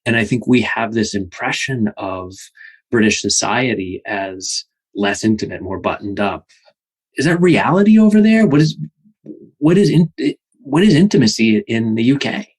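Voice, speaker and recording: A man's voice: mid-range voice, expressive, normal speed, darkish tone, husky, rough recording. An American man hosting a podcast, reflecting on his guest's points and asking thoughtful questions with a few restarts. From United States. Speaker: podcast host. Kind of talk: casual interview.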